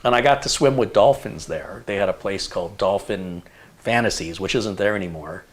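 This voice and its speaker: A man's voice: lowish voice, normal speed. A man from the United States hosting a live tech stream, chatting casually and telling long rambling stories. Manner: rambling anecdotal storyteller.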